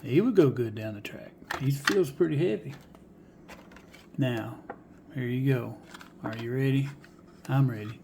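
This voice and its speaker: In a casual show-and-tell vlog, a die-cast car collector shows off his finds, his medium-pitched voice steady and moderately paced against background noise. He sounds folksy, muses aloud, and often drops to a whisper.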